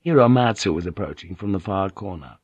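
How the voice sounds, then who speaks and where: A man narrating an audiobook in a measured storytelling manner. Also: low-pitched, lively intonation, husky, no echo, muffled recording. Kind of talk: scripted narration.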